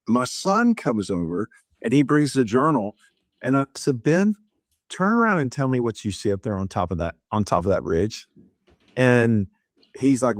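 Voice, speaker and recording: A man's voice: mid-range voice, no room sound. Middle-aged guy telling a wild story on a podcast, acts out the voices, dry close sound. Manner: animated retelling, acts out dialogue with shifts in tone. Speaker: podcast guest. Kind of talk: storytelling in a casual interview.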